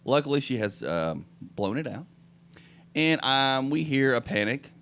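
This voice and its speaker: A middle-aged man tells a funny story on his podcast. His pitch swings widely as he acts out what people said, and he breaks into laughter often. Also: a little slow. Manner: animated, laughs often, acts out quoted lines. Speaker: podcast host. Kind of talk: casual comedic storytelling.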